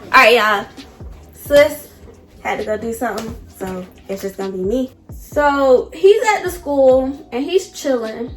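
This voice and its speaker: A woman's voice: a little high, a little slow, reverberant, faint music behind. A young woman vlogger telling a personal love story to her viewers, candid and emotional.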